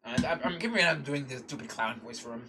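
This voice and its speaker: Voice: mid-range voice, animated, fast, a little hiss or hum. Offhand swearing streamer. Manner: offhand, swearing, self-mocking. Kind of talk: casual livestream commentary. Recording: distant mic, loud game music.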